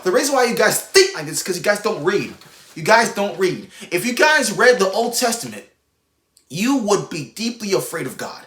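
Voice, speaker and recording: A man's voice: high voice, sharp tone, roomy sound. A young man preaching casually to his viewers, blunt and slangy, acting out little voices as he exhorts them. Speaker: online preacher.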